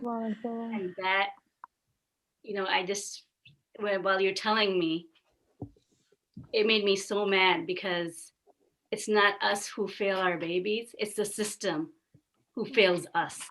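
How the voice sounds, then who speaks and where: A woman's voice: medium pitch, steady tone, slow pace, long pauses, a bit bright. A woman co-hosting a casual chat, talking in an earnest, emphatic way. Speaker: podcast co-host.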